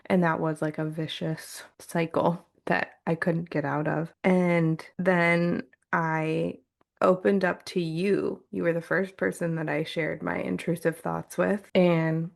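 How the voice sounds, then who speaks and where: A woman's voice: on the low side, little pitch movement, unhurried, gravelly. A young woman hosting a podcast, talking openly and earnestly about her own experience. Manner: open, earnest, confessional. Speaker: podcast host. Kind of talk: candid podcast conversation.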